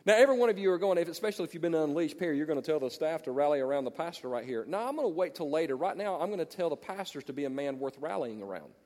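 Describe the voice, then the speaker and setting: A man preaches to fellow pastors in a blunt, animated way, leaning on stories to drive his points home. His voice sits a touch high. His words carry a long reverb, as in a large hall. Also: very fast, few pauses. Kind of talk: sermon to pastors.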